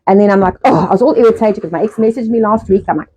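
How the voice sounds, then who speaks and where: A woman's voice: mid-range voice, rapid-fire, dark tone, slightly rough, poor audio. A woman in her forties hosting a live stream, rambling and swearing in a casual rant from home. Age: 40s. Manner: rambling and profane, acting out her own reactions. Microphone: phone or laptop mic, live stream.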